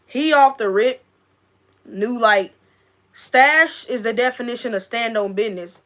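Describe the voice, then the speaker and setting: A woman's voice: fairly high pitch, measured pace, fairly bright tone. A woman, talking casually and emphatically to her livestream viewers, repeating her points and addressing a friend directly. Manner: emphatic, repeats herself, talks straight to a friend. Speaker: livestream host.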